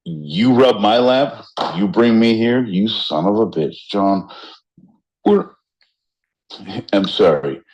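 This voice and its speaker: A man co-hosting a podcast in loose, rowdy banter. He talks slowly in a lowish voice and keeps jumping into loud, joking mock voices. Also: lively intonation, rough recording. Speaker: podcast co-host. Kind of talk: casual banter.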